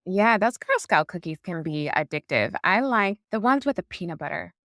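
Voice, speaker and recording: A woman's voice: lowish voice, lively intonation, normal speed, fairly bright tone, dry recording, studio quality. A woman who is a doctor co-hosting a podcast, speaking in an easygoing, conversational way. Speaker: podcast co-host. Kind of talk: casual podcast chat.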